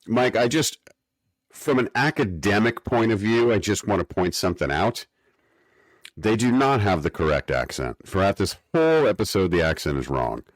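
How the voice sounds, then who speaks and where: A man with a very low voice, recorded dry and close. He co-hosts a podcast in casual chat, given to wry, mock-academic rants. His tone stays easygoing and conversational. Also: big pitch swings, moderate pace, dry recording. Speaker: podcast co-host. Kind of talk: casual chat recapping an episode.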